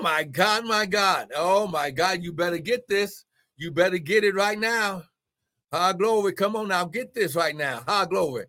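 A fervent male preacher delivers a livestream sermon, his voice pitched high and ringing bright. He swings from loud, exclamatory declarations to hushed asides, pleading with listeners as he goes. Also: moderate pace. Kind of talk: livestream sermon with donation appeal.

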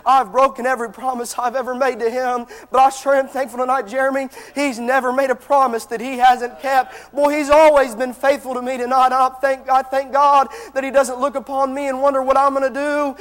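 High-pitched fervent male preacher in a hall. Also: little pitch movement, a little fast, hardly any pauses, fairly bright tone. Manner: fervent, impassioned preaching to the congregation. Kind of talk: sermon.

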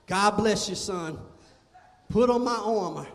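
A weary older king mutters a grudging, hurried blessing in a low voice, as a male preacher acts him out. The sound carries a long church-hall reverb.

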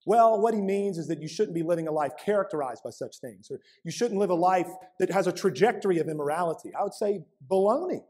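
A man's voice: high-pitched, expressive, quick pace, few pauses, mellow. A male pastor preaching a sermon in a church, emphatic and driving points home with repeated rhetorical questions.

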